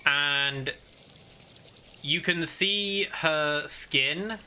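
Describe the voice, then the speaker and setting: A man narrating as game master in a tabletop game, halting and full of fillers. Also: a little high, sharp tone, a little hiss or hum.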